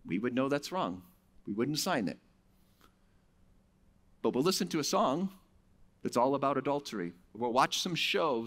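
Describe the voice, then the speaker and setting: A middle-aged man speaking at a faith conference, telling stories with big swings from loud to hushed. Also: mid-range voice. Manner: animated storytelling with big swings in loudness. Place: conference hall.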